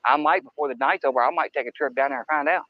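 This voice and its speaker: A man with a mid-range voice talks fast in a steady tone while hosting a nighttime fishing livestream from a riverbank beside the woods, chatting casually and rambling folksily to viewers. His camera-mounted mic sits near the water, and the recording is muffled with no room sound.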